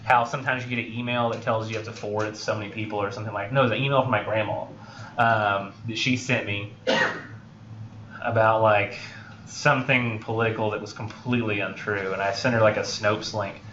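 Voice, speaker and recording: A man's voice: fairly low pitch, fairly even intonation, brisk, a bit bright, slight background noise. Rambling male writing instructor in a classroom. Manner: rambling, filler-heavy, acts out film scenes. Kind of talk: classroom lecture. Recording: roomy, dull lo-fi classroom recording.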